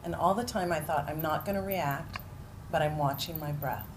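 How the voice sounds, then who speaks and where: A woman leading a group, telling a story with animated bursts and acted-out shouts. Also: low-pitched, normal speed. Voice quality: animated, acts out moments with sudden loud cries. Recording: noisy room ambience.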